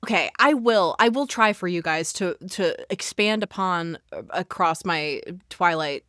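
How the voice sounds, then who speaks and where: A woman's voice: fairly low pitch, expressive, unhurried, fairly bright tone, no echo, clean studio sound. A woman guesting on a book podcast, gushing emphatically and swearing freely. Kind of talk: casual chat.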